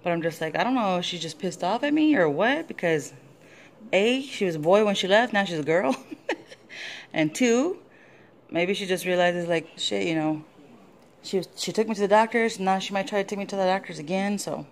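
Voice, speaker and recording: A woman's voice: animated, normal speed, a little hiss or hum. A young woman with a drawl chats through her day straight to the camera. Her talk is loose and rambling, and now and then it jumps up into a sing-song baby voice. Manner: chatty, swoops into high baby talk with her dog. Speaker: vlogger. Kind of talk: casual vlog chat.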